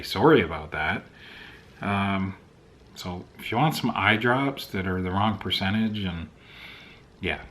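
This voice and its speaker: Chatty low-voiced man ranting on his vlog. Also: a bit bright. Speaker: vlogger. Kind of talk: casual vlog chat. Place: outdoors in wind, then at home. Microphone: camera mic with windscreen.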